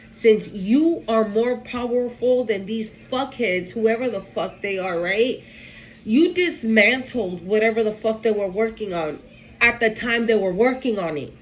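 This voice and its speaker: A woman's voice: fairly high pitch, slight background noise, poor audio. A woman doing a casual spiritual tarot reading, emotional and swearing freely as she talks straight to the viewer. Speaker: tarot reader.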